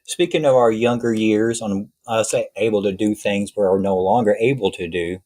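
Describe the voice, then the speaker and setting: A man co-hosting a podcast in casual comedic chat, playful and quick to joke and laugh. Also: lowish voice, a little mellow. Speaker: podcast co-host. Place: podcast recording.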